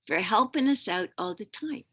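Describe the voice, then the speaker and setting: An older woman teaching through stories outdoors in a slow, gentle, plain-spoken way, dropping in Ojibwe words. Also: medium pitch, lively intonation. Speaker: elder teacher. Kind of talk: oral storytelling lesson.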